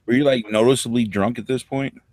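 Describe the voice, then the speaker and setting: A man's voice: mid-range voice, steady tone, fairly quick, a little mellow. A man hosting a casual chat, making wry, teasing remarks.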